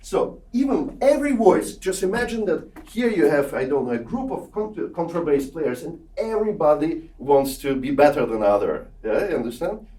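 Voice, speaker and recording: A man's voice: on the high side, lively intonation, normal speed, dark tone. A man coaching a piano masterclass. He sings rhythms aloud and keeps checking in with "yeah?". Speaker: piano teacher giving a masterclass. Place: small room with a large piano. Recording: echoey room, heard from far off.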